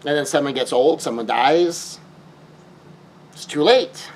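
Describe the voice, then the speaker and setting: Male grief speaker with a higher-than-usual voice. Lectures emphatically and leans on repetition. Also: a little slow, a little hiss or hum, poor audio. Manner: emphatic, repeats key phrases, asks rhetorical questions.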